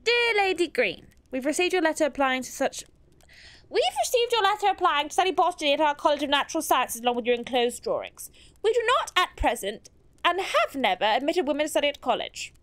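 Woman doing a snooty male college official, posh and dismissive, lively pitch, dry close sound. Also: fairly quick, no room sound. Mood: haughty. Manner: poshed-up, haughty reading.

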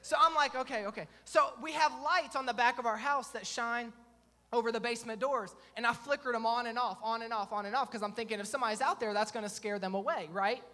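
A man's voice: extremely high pitch, quick pace, bright, forceful tone. A young man, preaching a sermon, telling a self-mocking story and acting out the dialogue. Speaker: pastor. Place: church sanctuary with a congregation. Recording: long reverb of a church hall.

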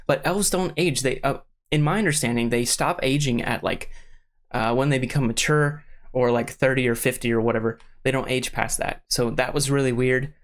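A man's voice: mid-range voice, moderate pace. A young man giving a casual, rambling rant to camera, full of fillers and restarts, getting worked up as he goes. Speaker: vlogger, show reviewer.

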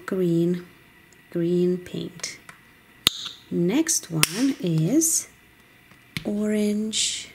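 Slow sing-song woman for kids. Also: medium pitch, darkish tone, slight background noise. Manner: slow, sing-song, speaking to young children. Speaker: host of a kids' toy video. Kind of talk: children's play narration.

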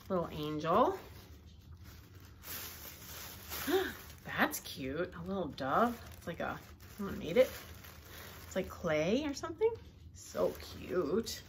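A woman's voice: on the low side, pushed and bright, slight background noise. A woman vlogging at home as she unboxes mailed gifts, gasping and exclaiming over each item. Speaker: thrift vlogger opening mail. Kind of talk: casual unboxing chat. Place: home, indoors.

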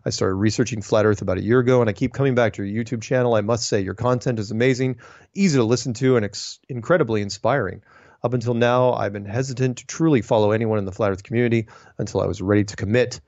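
A man talks casually as a host working through viewer mail, opinionated and rambling, often restarting his sentences. His mid-pitched voice is recorded dry and close. The sound is dull and lo-fi. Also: fairly even intonation, fast, a little mellow, no room sound. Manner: chatty, opinionated ranting with frequent restarts. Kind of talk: casual monologue, reading emails aloud.

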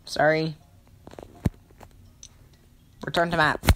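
A woman's voice: low-pitched, flat delivery, takes it slowly, over music. A woman narrating her strategy game play in a melodramatic, self-mocking way. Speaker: gamer. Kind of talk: let's play game commentary.

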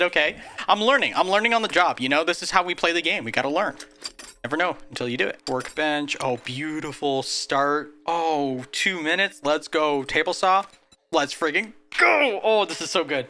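A man playing a zombie survival game and narrating it, excitable, shouting and squealing when startled, laughing at himself. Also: a little high, normal speed. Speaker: gaming YouTuber. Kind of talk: game commentary with recorded narration.

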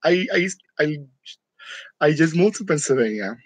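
A man's voice: on the high side, animated, moderate pace, breathy edge, no echo, poor audio. A man from New York chatting casually with his viewers, joking and laughing often in a room decorated for Halloween. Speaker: channel host. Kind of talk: casual live chat with viewers.

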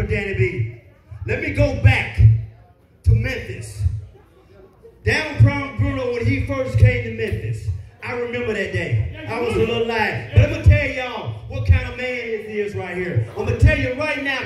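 A man shouts a preachy tribute across a wrestling ring in a very high voice. He sounds distant from the mic, with heavy arena echo and some music behind. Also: expressive, moderate pace. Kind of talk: ring speech.

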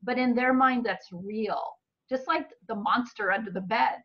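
A woman with a fairly high voice teaches in an earnest, expressive way, a little hoarse from a long talk. The recording is dull and lo-fi, with the top end muffled. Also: moderate pace. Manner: earnest and expressive, acting out what parents say to children. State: slightly hoarse, clearing her throat. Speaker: Bible-based mental health teacher.

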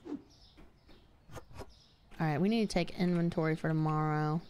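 A woman streaming a game live, chatting excitably with her viewers, yelping and swearing at the game as she plays. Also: low voice, normal speed, background noise. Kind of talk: live gaming stream chat.

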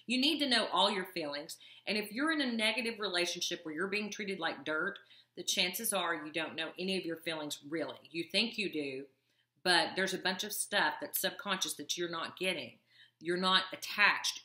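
A woman's voice: mid-range voice, bright, forceful tone. Earnest woman coach in an echoey room. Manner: earnest, confiding, wry asides. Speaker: self-love coach. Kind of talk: personal talk to camera.

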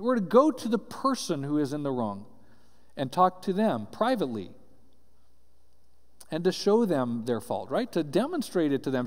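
A male pastor delivers an earnest sermon, reading passages aloud and then unpacking them for his listeners. His voice sits a little high for a man. The sound carries the long echo of a church hall. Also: darkish tone. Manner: earnest, reads scripture aloud then explains it with frequent "right?". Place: church sanctuary. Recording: roomy church hall reverb.

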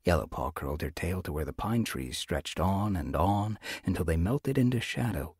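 A man narrating an audiobook in a measured storytelling manner. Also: deep voice, animated, a little mellow, breathy edge, no echo, clean studio sound. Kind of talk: scripted narration.

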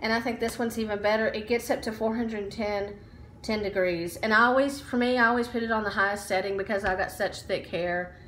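Her medium-pitched voice is steady and fairly bright, moving a little fast, captured in an echoey home room with slight hiss or hum. The vlogger stands, out of breath, chatting upbeat in a home haul video with plenty of ums and likes.

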